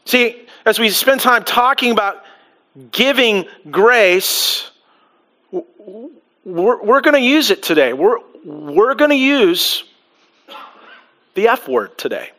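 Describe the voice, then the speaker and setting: Bright, high-voiced preaching pastor. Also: male voice, takes it slowly, long pauses. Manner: animated preaching with restarts, acting out quotes. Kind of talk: sermon. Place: church before a live congregation.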